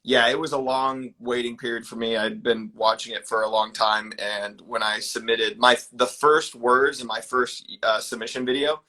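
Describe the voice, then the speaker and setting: A man in his twenties speaks with a bright, ringing tone as he answers in a casual interview. He tells his stories eagerly and with animation, and his voice sits at an everyday middle pitch. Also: little pitch movement, normal speed, few pauses. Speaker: guest, ninja competitor. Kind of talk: casual storytelling.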